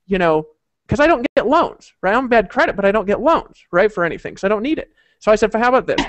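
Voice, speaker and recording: A man tells a long story in an easy, rambling way, filling it with fillers and asides. His voice sits high and he talks quickly. The sound is dry and close. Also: dry recording. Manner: rambling, laughing, full of fillers. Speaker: host of a group call. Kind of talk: casual storytelling.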